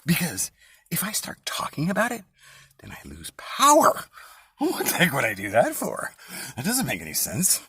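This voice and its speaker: A man preaching an informal sermon in a mocking, conspiratorial tone, dropping into whispers and then rising to loud outbursts. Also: fairly high pitch, wildly swooping pitch, normal speed, breathy edge, no room sound. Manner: swings between hushed whispers and loud, sarcastic exclamations. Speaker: self-made online preacher.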